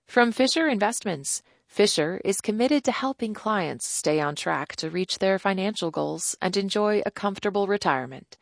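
A woman announcer reading sponsor credits in a crisp, even way. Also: medium pitch, normal speed, few pauses, dry recording, clean studio sound.

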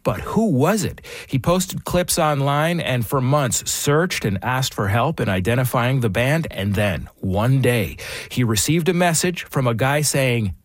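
A man hosting a radio music show, telling a story in an upbeat, animated way. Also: mid-range voice, measured pace, no echo.

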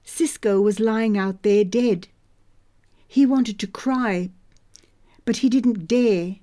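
Slow mellow female reader narrating a novel, measured and even. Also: fairly high pitch. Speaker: audiobook narrator.

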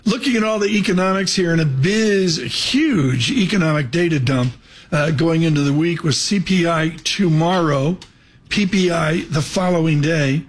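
A man hosting live financial news, brisk and chatty as he thanks guests and reads markets. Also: fairly high pitch. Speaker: news anchor.

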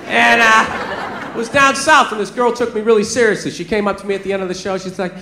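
A man from the American South doing a stand-up routine, telling stories in a loud, exasperated way. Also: sits high, fairly even intonation, fast, a crowd in the background, noisy background. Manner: loud, exasperated storytelling with rants. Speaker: stand-up comedian. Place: comedy club stage. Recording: echoey club with audience laughter. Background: audience laughing.

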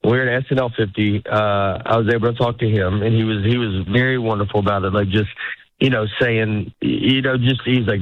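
A man's voice: fairly low pitch, steady tone, moderate pace, no echo, dull audio. A middle-aged man, a stand-up comedian, chatting casually in an interview, rambling and cutting himself off as he acts out little quoted lines.

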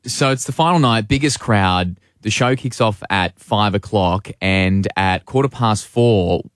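Young man, animated storyteller, slightly low voice, dry close mic. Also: a little slow, no room sound. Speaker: guest, play director. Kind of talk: casual radio chat.

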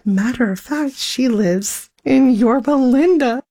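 Breathy woman telling a story animatedly. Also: takes it slowly, hardly any pauses. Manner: animated, re-enacts dialogue with big pitch swings. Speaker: guest. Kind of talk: emotional storytelling.

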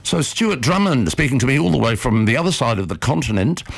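Animated male radio host telling a story. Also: medium pitch, brisk, creaky, no echo, poor audio. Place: radio studio.

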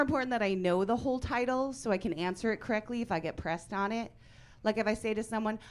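A woman in her forties performing a stand-up comedy set on a club stage, with a deadpan, punchy delivery and sudden loud bursts. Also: a little high, quick pace.

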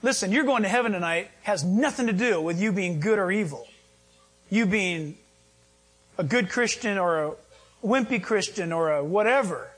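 A man pastor preaching a sermon to a live congregation in a conversational style, jumping into sudden high emphatic bursts. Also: expressive, moderate pace, fairly bright tone, husky. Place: church with live audience.

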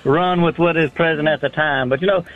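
Folksy caller on a phone line. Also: male voice, a little high, fairly quick. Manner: animated, folksy, repeats phrases for emphasis. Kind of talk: casual phone-in chat. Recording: dry tinny phone line.

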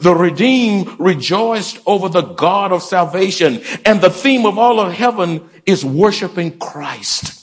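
A man's voice: high-pitched, breathy edge. A man preaching a sermon to his congregation in church, calling out for responses and urging them to join in. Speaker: pastor. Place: church sanctuary.

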